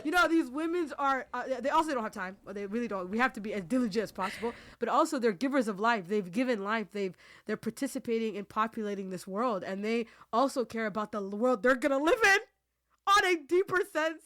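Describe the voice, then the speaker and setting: A woman's voice: on the high side, expressive, fairly quick, fairly bright tone. A woman hosting a podcast, talking with her team in a heartfelt, rambling way, restarting her sentences often. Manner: Muslim phrases woven into speech. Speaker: podcast host. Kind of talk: emotional team chat.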